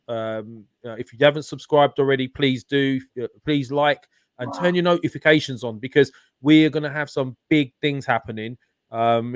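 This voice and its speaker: A man's voice: medium pitch, smooth, no echo, studio quality. Chatty upbeat male stream host. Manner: upbeat, chatty, many fillers. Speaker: channel host. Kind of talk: casual live-stream chat.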